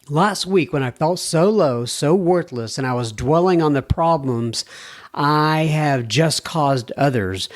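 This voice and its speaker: An American man hosts a recovery podcast, reading listener letters aloud in a slightly higher-pitched voice. He breaks off now and then with chuckling asides before going back to the letter. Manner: warm, chuckling asides between read passages. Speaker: podcast host.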